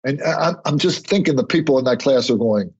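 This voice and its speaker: A man, a guest on an interview podcast, telling stories in a conversational way and getting animated when he acts out other people. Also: medium pitch, fairly quick. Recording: husky voice, dull lo-fi audio.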